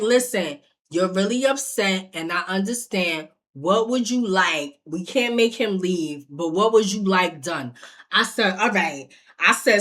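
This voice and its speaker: A woman's voice: a little high, fairly bright tone. A woman telling a personal story in casual speech, acting out the quoted lines and swearing freely. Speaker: storytime vlogger.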